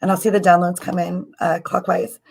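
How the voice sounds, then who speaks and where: A woman hosting a live stream as a spiritual healer, guiding a meditation in a soft, halting, emotional way with many ums, and she is tearful. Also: on the low side, flat delivery, creaky, low-quality recording. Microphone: computer mic on a live stream.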